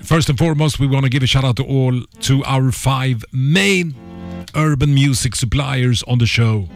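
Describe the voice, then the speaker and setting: A man hosting a radio show, running through shout-outs in loose, repetitive DJ patter with stutters. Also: medium pitch, vocal fry. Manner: hype DJ patter with stutters and repeats. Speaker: radio DJ host. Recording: music playing underneath.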